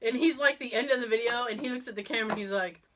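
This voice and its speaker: A woman hosting a podcast, telling a story in casual chat, animated and laughing often as she acts out quotes. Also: fairly high pitch, racing. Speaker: podcast host.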